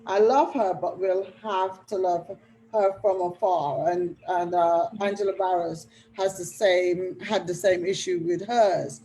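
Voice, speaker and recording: A woman's voice: lowish voice, fairly even intonation, unhurried, warm tone, a little hiss or hum, low-quality recording. A woman hosting a talk show, affirming her guests and reading out viewer comments. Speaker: host. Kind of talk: conversational talk show discussion.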